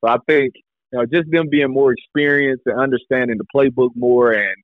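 Laid-back former defensive back, dry radio sound. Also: male voice, medium pitch, steady tone, no echo, narrow, tinny audio. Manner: loose, laughing, drawn-out storytelling. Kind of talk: casual interview talk.

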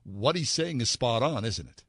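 A man's voice: mid-range voice, animated, moderate pace, fairly bright tone, no echo, studio quality. A man co-hosting a radio show, making an earnest fundraising appeal with repeated calls to give. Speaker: radio co-host.

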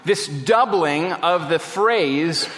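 A man preaching a sermon as a pastor, slow and emphatic with dramatic pauses. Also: a little high, lively intonation, fairly bright tone, big-room sound. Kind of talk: radio sermon.

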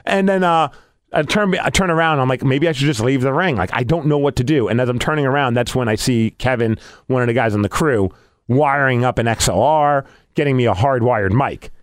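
A man hosting a podcast, telling a story in a casual, animated way and acting out his own reactions. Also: medium pitch, a little fast, no room sound, studio quality. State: losing his voice. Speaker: podcast host.

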